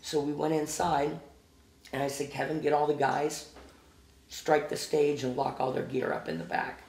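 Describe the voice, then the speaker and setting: A man with a Midwestern American accent, a podcast guest telling a backstage story in a casual, animated way and acting out the quotes. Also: a little high, moderate pace, gravelly, echoey room. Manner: animated anecdote teller who acts out quotes. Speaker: guest, former music venue promoter.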